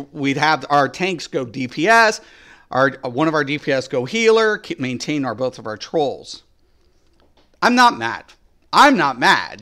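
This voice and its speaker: A male game streamer holds forth to his chat in a blunt, swear-heavy rant. His voice sits a bit high and has a bright, forceful edge. He sounds casual and combative as he talks. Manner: blunt, profane, ranting.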